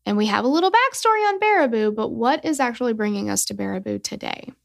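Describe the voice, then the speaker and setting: A young adult woman co-hosting a podcast, blunt and animated, who swears freely. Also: a little high, quick pace, gravelly. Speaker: podcast co-host. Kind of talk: casual podcast chat.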